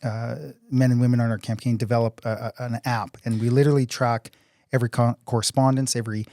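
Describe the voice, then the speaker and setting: A man's voice: medium pitch, flat delivery, quick pace, a little mellow, no room sound, clean studio sound. A middle-aged man, a council candidate and oil company CEO, speaking earnestly in a casual interview with frequent restarts. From Canada.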